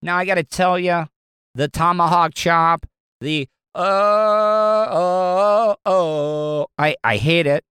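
Southern talk radio host, male, somewhat high smooth voice, blunt and rambling, dry studio sound. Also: slow, fairly bright tone, no echo. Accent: Southern American. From American South. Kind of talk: opinionated talk radio monologue.

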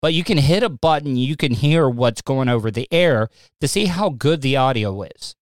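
A man hosts his own live stream on a streaming setup mic, talking casually and rambling with a medium-pitched, expressive voice at a moderate pace. He stammers and restarts, with flashes of agitation, and there's no room sound.

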